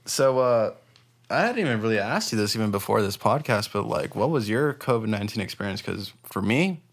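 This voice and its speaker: A man co-hosts a relaxed podcast with a low, gravelly voice. He mostly chimes in with short quips and laughs along as his friend tells stories. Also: a little fast. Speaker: podcast co-host. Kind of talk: casual chat.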